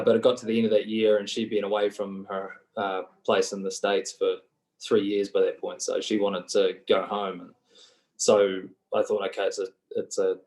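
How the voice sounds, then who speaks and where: A man with a New Zealand accent, a guest telling his story in a relaxed way with many fillers. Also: lowish voice, poor audio. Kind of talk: casual interview.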